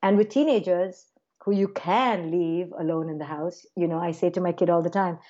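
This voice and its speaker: A woman's voice: fairly low pitch, normal speed, highs cut off. A woman who is a clinical psychologist, talking casually as a guest in an interview and animatedly acting out what parents and kids say. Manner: animated, acts out parent and child voices in quotes. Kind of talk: conversational interview.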